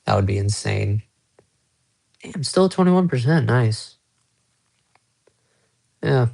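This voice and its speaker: A young man rambles casually to his live-stream viewers as he shows off his guitars and watches. His everyday pitch carries a gravelly, creaky edge. He sounds close to a phone mic in a small room at home. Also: lively intonation, takes it slowly, a little mellow. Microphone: phone held close.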